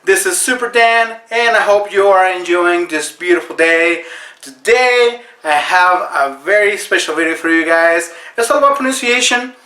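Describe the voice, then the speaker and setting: Bright-voiced man, mock-serious tutorial. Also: high-pitched, moderate pace, reverberant. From Mexico. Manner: earnest, filler-heavy, mock-serious. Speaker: comedy video host.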